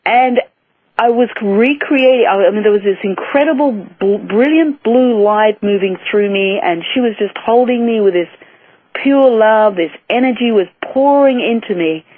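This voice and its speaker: A woman's voice: on the high side, moderate pace, no room sound. A woman guest in a phone interview, earnestly telling a personal story with many restarts. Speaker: guest, spiritual author and healer. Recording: tinny phone line, dry.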